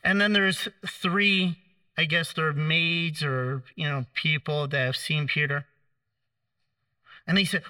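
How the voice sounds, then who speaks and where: A man preaching a sermon, telling the story in a conversational way, acting out the quoted lines with gentle humor. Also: on the high side, fairly even intonation, slow, dry recording, distant mic.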